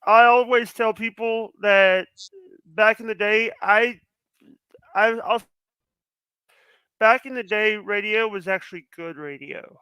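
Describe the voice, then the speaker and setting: High bright-voiced man rambling on a podcast. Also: slow pace, pauses often, smooth, no echo, low-quality recording. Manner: rambling, restarts often, emphatic. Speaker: podcast guest. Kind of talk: casual podcast chat.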